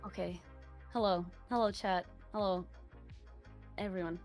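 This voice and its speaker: A woman's voice: mid-range voice, moderate pace, soft background music. An Irish woman from Ireland giving a joking eulogy on a stream over a voice call, swearing a lot and breaking into laughter. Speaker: guest speaker. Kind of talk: mock eulogy, casual stream chat. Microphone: voice call from home.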